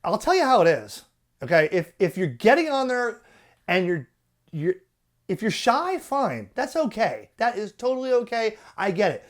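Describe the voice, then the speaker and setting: A man hosting a ham radio channel, ranting in an animated, exasperated and profane way. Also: sits high, moderate pace. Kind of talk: ranting commentary.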